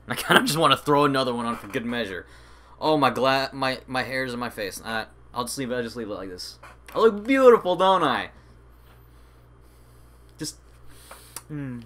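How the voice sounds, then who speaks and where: A man giving jokey, self-mocking let's-play commentary, yelping and shouting at the game as he plays into a desk mic. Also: mid-range voice, slight background noise. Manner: excitable, yelps and shouts at the game. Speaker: gamer streaming a challenge video. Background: game music.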